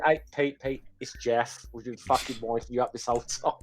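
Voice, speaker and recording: A man's voice: medium pitch, wildly swooping pitch, takes it slowly, pauses often, sharp tone, husky. A man telling a rambling prank story on a group call, swearing freely and restarting his sentences. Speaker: quiz show guest. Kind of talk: casual storytelling chat.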